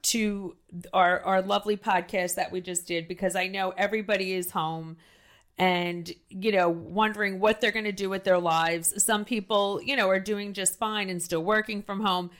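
A loud, gushing woman with a New Jersey accent hosts a casual podcast. She talks with big emphasis, doubling back and restarting her sentences as she goes. Her pitch sits in an ordinary middle range. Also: fairly even intonation, normal speed. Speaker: podcast host.

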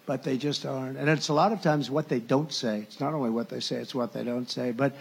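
A man's voice: mid-range voice, steady tone, fairly quick, creaky, breathy edge. A male candidate giving a campaign rally speech, rambling and sarcastic, often breaking off mid-sentence to restart. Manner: rambling, sarcastic, with self-interruptions. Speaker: presidential candidate.

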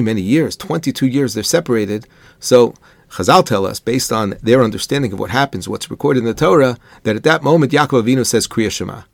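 A man's voice: mid-range voice, vocal fry, no echo. A man giving an earnest, thoughtful Torah lecture, explaining ideas with Hebrew and Yiddish terms. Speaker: rabbi giving a Torah lesson.

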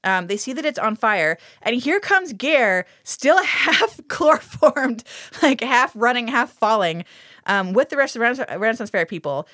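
A woman's voice: fairly high pitch, big pitch swings, fairly bright tone, no room sound, clean studio sound. A woman co-hosting a podcast, casually recapping a TV episode, swearing freely and breaking into laughter. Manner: laughs often, swears, acts out characters in quick asides. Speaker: podcast co-host. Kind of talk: casual comedic recap chat.

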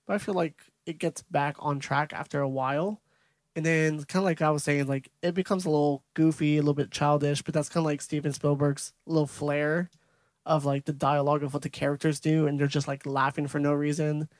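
A man's voice: fairly high pitch, fairly even intonation, brisk, no echo. A young man co-hosting a movie podcast, recapping scenes in detail in casual chat. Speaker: podcast co-host.

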